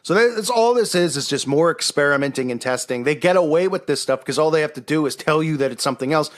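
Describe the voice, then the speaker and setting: A man's voice: on the high side, expressive, fast talker. A man hosting a casual monologue show, talking in a sarcastic, mocking way. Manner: sarcastic, mocking impressions of others. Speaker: host.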